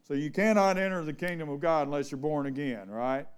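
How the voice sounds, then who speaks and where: A man preaching a casual sermon, talking with the congregation and reading from the Bible. His voice sits a little high for a man and sounds smooth and clear. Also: a little fast. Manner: folksy, conversational, asks the congregation questions. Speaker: pastor.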